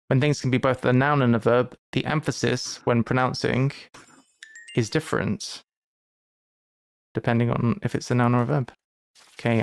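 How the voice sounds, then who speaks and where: Smooth-voiced man streaming a game. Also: mid-range voice. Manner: chatty, thinks aloud while playing; playful asides and mock lectures. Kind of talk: live gameplay commentary.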